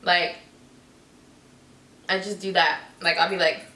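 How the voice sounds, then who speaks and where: Loud, goofy young woman vlogging. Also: lowish voice, little pitch movement, takes it slowly, recorded from a distance. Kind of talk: casual vlog chat. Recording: echoey room, off the mic.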